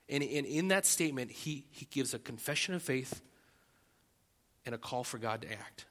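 Male pastor, sermon, fairly high and very bright voice, dramatic pleading bursts; echo of a big hall. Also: moderate pace. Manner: animated, acts out prayers with loud rising pleas, frequent restarts.

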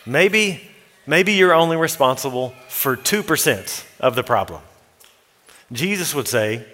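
Emphatic preacher in an echoing hall. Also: male voice, lively intonation, a little slow. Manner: emphatic, rising to forceful exhortation and dropping low to read scripture. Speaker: pastor. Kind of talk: sermon. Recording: long reverb of a large hall.

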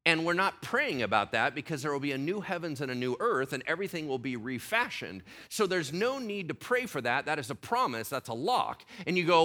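A man's voice: a little high, big pitch swings, a little fast, few pauses, sharp tone. A middle-aged man preaching a sermon in a conversational way, often asking the congregation questions. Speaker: pastor.

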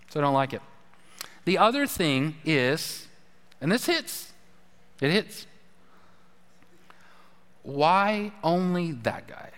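A man delivers a sermon in a loose, conversational way. His voice sits high and sounds bright and forceful as he retells a story and plays out the voices in it. The sound carries a long reverb from a large hall. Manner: conversational, animated storytelling with acted-out quotes. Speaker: pastor.

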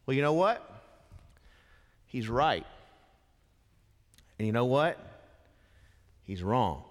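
A man preaching a sermon as a dramatic storyteller, dropping to a hush and then rising to impassioned emphasis. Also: mid-range voice, sing-song, normal speed. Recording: long hall reverb.

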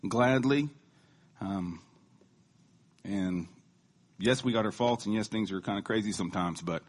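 Husky, joking man preaching. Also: lowish voice. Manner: conversational, joking, self-deprecating. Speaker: lay preacher. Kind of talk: casual sermon.

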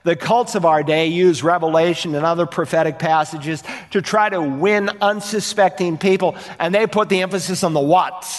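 A pastor delivers a sermon from the pulpit, earnest and emphatic, relying on rhetorical questions and repetition. His voice is fairly high for a man, and a long reverb makes it sound as if it fills a church sanctuary.

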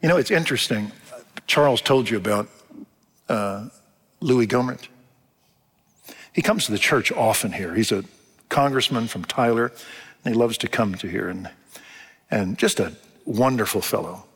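A man's voice: fairly low pitch, normal speed, long pauses, a bit bright, breathy edge. An older man preaching a sermon in a church, telling stories in a folksy way and acting out what people said. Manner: folksy storytelling, acts out quotes. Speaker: pastor. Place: church sanctuary. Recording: long reverb of a church hall.

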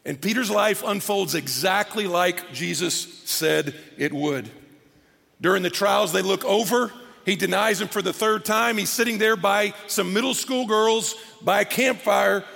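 Male pastor, high gravelly voice, animated sermon delivery, long hall reverb. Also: a little slow, faint music behind. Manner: animated, acts out scripture scenes in character voices.

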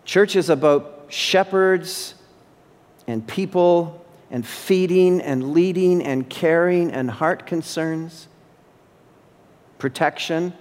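In a church sanctuary, a male pastor delivers an emphatic sermon, repeating phrases for stress. His voice is on the high side, slow and darkish, carried by a long hall reverb.

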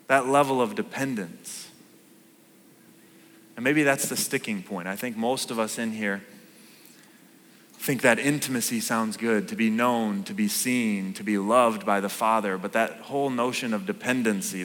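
A man in his thirties preaches in a casual, animated style and keeps asking the congregation questions. His voice is bright and forceful. It carries a long reverb from a church auditorium. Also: mid-range voice. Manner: conversational, animated, asks the room questions. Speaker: pastor. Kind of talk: sermon.

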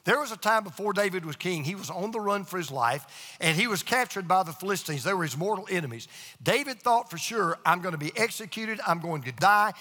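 A man's voice: sits high, lively intonation, a little fast, pushed and bright, in a large hall. A man preaching a sermon with emphatic call-and-response to his congregation. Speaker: pastor.

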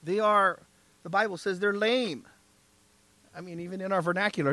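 Casting note: male pastor with a bright, forceful sermon voice, emphatic and rhetorical, dry close sound. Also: high-pitched, lively intonation, unhurried, gravelly, long pauses, no echo. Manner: emphatic preaching with rhetorical "right?" and "amen?".

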